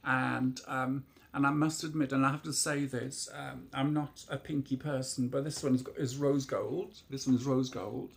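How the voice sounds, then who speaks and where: Rambling man with a gravelly voice. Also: medium pitch, fairly even intonation, normal speed, few pauses. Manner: rambling, hesitant, many ums and restarts. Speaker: vlogger. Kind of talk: casual gadget show-and-tell.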